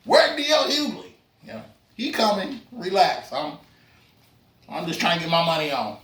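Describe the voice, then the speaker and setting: A man's voice: a little high, huge pitch swings, normal speed, a bit bright. A man in doing a stand-up comedy set, loose and chatty, with lots of fillers and asides to the crowd. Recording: roomy club sound from a distance.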